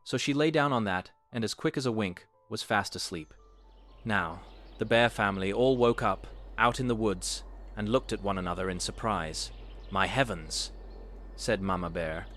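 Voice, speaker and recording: Male storyteller, lower pitch, lively read-aloud. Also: moderate pace, soft background music. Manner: animated, expressive read-aloud. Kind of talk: storybook reading.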